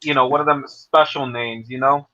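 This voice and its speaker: A man in casual podcast chat, hesitant and halting, heard through dull lo-fi remote call audio. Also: mid-range voice, fairly even intonation, bright, forceful tone. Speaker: podcast co-host.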